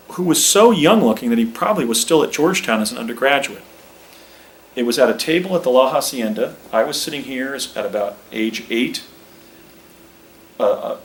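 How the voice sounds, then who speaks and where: A man's voice: mid-range voice, slight background noise, rough recording. A middle-aged man giving a presentation with slides, rambling with many restarts and a little out of breath. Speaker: speaker recounting personal claims.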